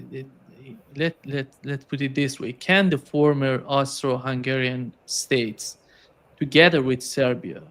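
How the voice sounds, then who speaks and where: A man interviewing a guest, halting and rephrasing as he asks his question. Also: mid-range voice.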